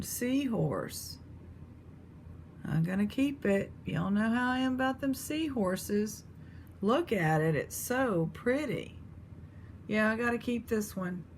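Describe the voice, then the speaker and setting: A woman's voice: mid-range voice, darkish tone, a little hiss or hum. A woman chatting casually to viewers as she sorts through a box of old jewelry and talks to her pet. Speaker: jewelry reseller host. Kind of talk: casual unboxing chat.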